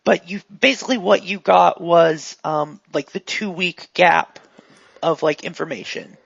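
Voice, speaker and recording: A woman narrating a tabletop role-playing game as game master, rambling in a relaxed way with many fillers. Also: lowish voice, measured pace, creaky, slightly rough, no echo. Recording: dull, dry lo-fi recording.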